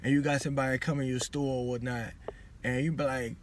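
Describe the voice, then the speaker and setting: Speaking quickly in a mid-range voice with little change in pitch, a New Orleans, Louisiana vlogger in his forties shares casual life advice to his phone camera. He stays loose and conversational, frequently saying "you know what I'm saying," with slight background noise behind him.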